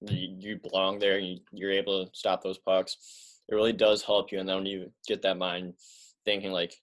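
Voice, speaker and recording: A man's voice: low-pitched, little pitch movement, normal speed, a bit bright. A man hosting a sports podcast, chatting casually and saying "like" often. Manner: casual, heavy use of "like". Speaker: podcast host.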